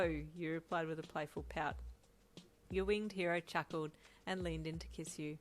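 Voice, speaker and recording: A woman narrating a fan fiction story in a steady, low-key way. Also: moderate pace.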